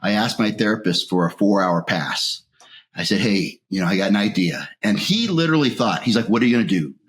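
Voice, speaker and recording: A man being interviewed, telling his recovery story in a raw, emotional way, his voice rising when anger returns and sinking to a near whisper at the lowest points. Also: animated, a little fast, a bit bright. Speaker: interview guest.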